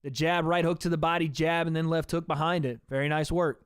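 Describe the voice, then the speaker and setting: Smooth-voiced man doing casual fight commentary. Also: fairly high pitch, little pitch movement, fairly quick, dry recording, clean studio sound. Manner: chatty, addresses viewers as guys. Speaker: livestream host.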